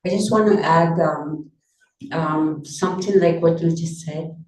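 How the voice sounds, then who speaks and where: A woman on a book launch panel telling a personal story, soft-spoken and unhurried, with many pauses. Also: deep voice. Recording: roomy sound from a distance, faint noise.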